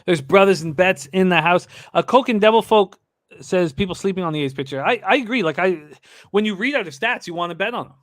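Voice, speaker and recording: A man's voice: high voice, animated, fairly quick, a bit bright, no echo, studio quality. A man hosting a live sports betting show, talking casually with restarts and reading viewer comments aloud.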